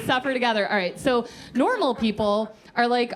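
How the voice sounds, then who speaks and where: A young adult woman telling a comic personal story to a live audience, self-mocking and animated, slipping into quoted voices and laughing as she goes. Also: a little high, fairly quick, hardly any pauses, slight background noise. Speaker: comedian telling a story on stage.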